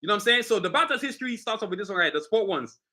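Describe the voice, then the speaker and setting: Hyped bright-voiced man showing off sneakers. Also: high voice, animated, racing. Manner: hyped, boastful street slang, addresses viewers directly. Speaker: sneaker designer and channel host. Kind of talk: casual live stream showcase.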